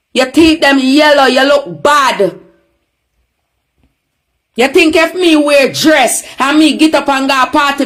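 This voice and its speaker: A high-pitched Jamaican woman tearing into someone in a furious social media rant. She curses nonstop and keeps breaking into shouted insults.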